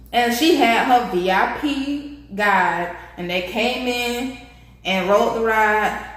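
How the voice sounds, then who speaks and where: A young woman vlogger telling a casual story, animated and slangy, speaking straight to her viewers. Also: fairly high pitch, a little slow. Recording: echoey room.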